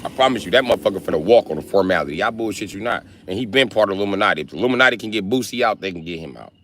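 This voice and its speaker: A man from the Milwaukee area doing a comedic livestream rant, profane and animated as he tells stories. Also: on the low side, racing. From Milwaukee area, United States.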